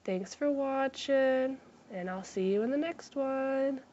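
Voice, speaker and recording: A woman's voice: sits high, takes it slowly, mellow, slight background noise. Woman vlogger rambling about a craft project, self-deprecating, curses a lot, kinda dull lo-fi audio. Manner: chatty and self-deprecating, swears casually; drops into whispers for asides. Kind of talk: casual vlog chat.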